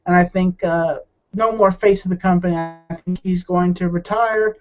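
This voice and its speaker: A man's voice: sits high, fairly even intonation, moderate pace, faint music behind. A man being interviewed as a guest, talking in a rambling, hesitant way with many restarts. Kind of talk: casual interview chat. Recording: muffled lo-fi audio.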